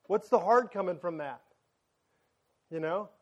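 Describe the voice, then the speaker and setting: Male pastor, 30s, high-pitched, loud excited preacher who jokes and tells family anecdotes. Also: unhurried, highs cut off. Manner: joking, storytelling, loud and excited. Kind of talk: sermon. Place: church sanctuary.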